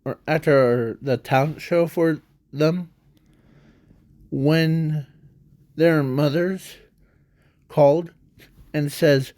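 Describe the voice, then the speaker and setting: A man's voice: on the high side, fairly even intonation, extremely slow, long pauses, darkish tone, no room sound, clean studio sound. A man telling an unscripted fan story in a rambling, hesitant way, full of fillers and self-corrections.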